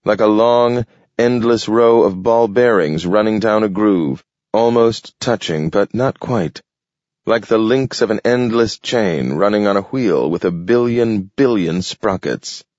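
A man reading a story aloud in a measured, contemplative narration. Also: on the low side, darkish tone, dry recording, dull audio. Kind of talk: scripted narration.

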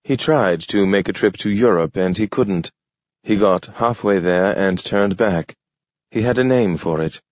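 A man voicing a calm, polite male robot servant in a storybook reading, formal and deferential. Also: fairly low pitch, measured pace, no echo, lightly acted. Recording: dull, dry lo-fi recording.

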